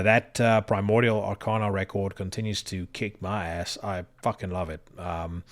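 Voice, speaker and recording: A man hosting a podcast who rattles through news items in a casual, sardonic, profane way, full of "uh" fillers. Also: on the low side. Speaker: podcast host. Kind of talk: casual news roundup and opinion.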